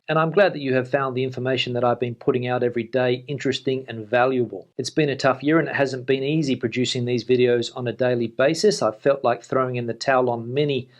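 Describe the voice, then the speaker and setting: Australian man answering viewer comments. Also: medium pitch. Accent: mild Australian. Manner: relaxed, conversational, reads comments aloud then replies. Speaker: vlogger. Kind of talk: casual vlog reading and answering viewer comments. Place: home office at a computer. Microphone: camera-facing setup.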